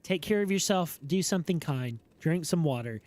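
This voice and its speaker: A man chatting casually with his live-stream audience while playing a game, relaxed and slangy, and sleepy. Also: a little high, moderate pace. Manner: relaxed and slangy, talking to chat. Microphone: streaming microphone.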